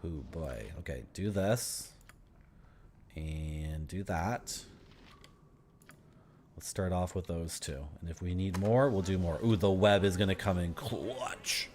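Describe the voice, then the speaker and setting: A man's voice: sits low, slow, pauses often, a little mellow, a little hiss or hum. A man in his thirties giving casual, rambling commentary as he streams a game, chatting to his viewers and laughing often.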